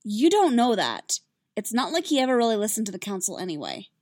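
A woman voicing a calm, gentle male Jedi master who speaks steadily. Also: fairly high pitch, fairly quick, dry recording, studio quality.

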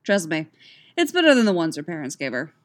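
A gruff grown man who coaches a martial arts class , read by a woman narrator, curt and grumbling. He speaks in short, impatient bursts. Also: low voice, big pitch swings, a little fast.

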